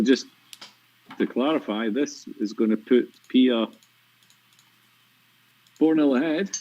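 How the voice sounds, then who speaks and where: A Scottish man calling a pool match with dry, teasing banter between shot explanations. His voice is husky and a little breathy, heard through dull, lo-fi stream audio. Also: mid-range voice, warm tone. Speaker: pool commentator. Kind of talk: live sports commentary with banter.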